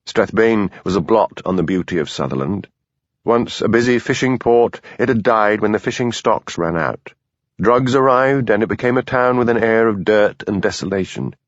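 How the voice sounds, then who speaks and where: Low-voiced male audiobook narrator. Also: no room sound. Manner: measured, expressive reading. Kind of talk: scripted narration. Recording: dull lo-fi dry studio recording.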